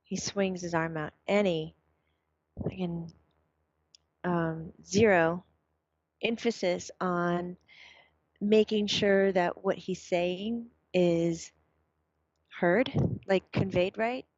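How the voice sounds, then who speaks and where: A woman talking casually, passing on her son's words in a chatty, animated way with plenty of fillers. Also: on the low side, slow pace, pauses often, dry recording. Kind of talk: casual chat. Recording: dull, dry, lo-fi sound.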